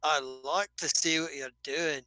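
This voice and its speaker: A game master voicing a friendly, rough-mannered male dwarf mechanic in a tabletop game, folksy and hearty, calling people lass. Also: medium pitch, steady tone, measured pace, bright, forceful tone, no echo, low-quality recording. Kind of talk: tabletop game role-play.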